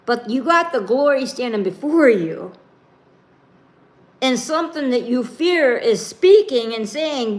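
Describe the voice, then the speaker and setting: A woman preaches slowly and emphatically, moving between scripture reading and casual asides. Her voice sits a little high, and she leans hard on key words. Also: animated. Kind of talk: sermon with scripture reading and commentary.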